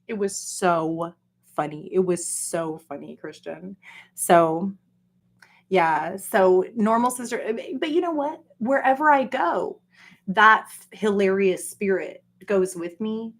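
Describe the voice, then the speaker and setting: A woman in a casual solo monologue, ranting profanely with lots of fillers and acting out quoted voices. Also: takes it slowly. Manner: profane, animated, jokey rants with frequent fillers; acts out quoted voices with jumps in pitch. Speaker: solo vlogger.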